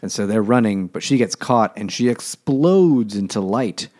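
Male co-host, low pitch, sarcastic rambling storyteller. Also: lively intonation, moderate pace, a little mellow. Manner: sarcastic, rambling plot recap with jokes. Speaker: podcast co-host. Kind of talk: casual book-discussion banter.

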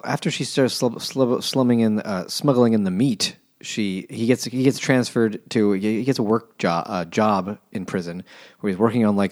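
A man's voice: lowish voice, a little mellow. A man co-hosting a podcast, telling a story in a rambling, blunt way with some swearing. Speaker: podcast co-host. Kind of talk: casual chat.

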